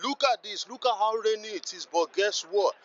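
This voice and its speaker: A man's voice: sits high, moderate pace, a bit bright, highs cut off. A man vlogging as he walks around a rainy outdoor car meet, hyped and exclamatory, repeating himself as he points things out. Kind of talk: excitable walkaround vlog.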